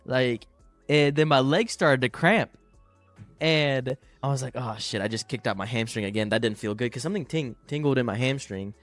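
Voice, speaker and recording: A man's voice: mid-range voice, moderate pace, soft background music. A young man co-hosting a podcast, telling a travel story in casual chat, swearing and acting out other people's lines. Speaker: podcast co-host.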